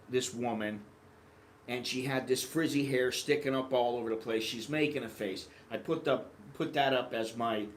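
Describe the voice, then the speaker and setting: A man from the United States telling rambling, animated anecdotes in a casual vlog monologue. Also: mid-range voice, slight background noise. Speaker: vlogger.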